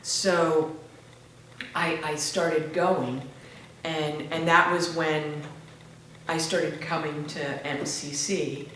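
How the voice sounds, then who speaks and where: A woman giving a halting, earnest personal testimony in a church interview, often restarting her words. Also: low voice, fairly even intonation, fairly bright tone. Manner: slow and earnest, turning tearful when moved. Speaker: interview guest. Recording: very echoey room with faint noise.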